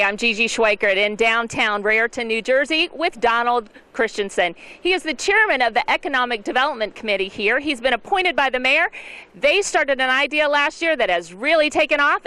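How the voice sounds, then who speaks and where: A woman's voice: high-pitched, bright, forceful tone. A woman hosting local TV promo interviews in the street, bubbly, joking and exclamatory. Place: outdoors in a town street.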